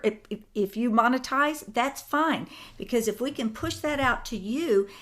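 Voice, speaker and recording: A woman co-host in a political talk show, her voice pitched a little high. She speaks in a direct, instructive way, explaining things plainly to her listeners. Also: fairly bright tone.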